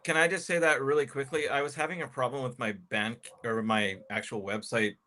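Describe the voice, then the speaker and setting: A musician on a casual livestream, making dry quips and explaining things earnestly. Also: male voice, mid-range voice, steady tone, a little fast, pushed and bright. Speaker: musician guest. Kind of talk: casual chat.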